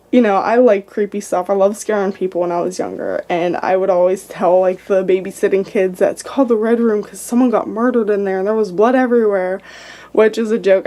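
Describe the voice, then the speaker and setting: Chatty young woman, mellow voice. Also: mid-range voice. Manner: chatty, says "like" constantly. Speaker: paranormal vlogger. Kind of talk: casual house-tour vlog. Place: indoors in a house.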